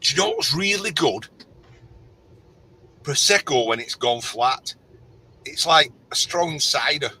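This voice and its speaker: Middle-aged male guest, animated storyteller; bright, lively delivery. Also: on the high side, slow pace, pauses often, slightly rough, poor audio. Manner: animated storyteller, acts out quotes. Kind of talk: casual storytelling chat.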